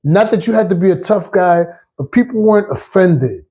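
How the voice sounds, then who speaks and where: A man's voice: high voice, expressive, moderate pace, warm tone, breathy edge. A man, a retired police officer telling stories in a casual, streetwise way and acting out the voices. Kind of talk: personal storytelling.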